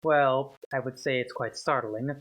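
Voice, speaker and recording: A man's voice: medium pitch, steady tone, unhurried, a bit bright, low-quality recording. A man running a tabletop game as game master, narrating scenes and slipping into character lines between laughs, recorded over a voice call. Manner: laughing, voicing characters in passing.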